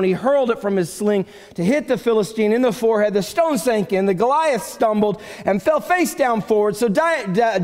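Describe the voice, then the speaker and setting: A male pastor preaching a sermon in a church, telling the story in an animated, joking way. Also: extremely high pitch. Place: church sanctuary. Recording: long church hall reverb.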